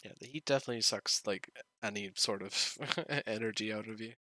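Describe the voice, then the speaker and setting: A man's voice: fairly low pitch, brisk, bright, forceful tone, no echo. A man with an Irish accent, hosting a stream, chatting casually and easily and laughing often as the session winds down. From Ireland. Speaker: game master and stream host. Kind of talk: casual chat at the end of a stream.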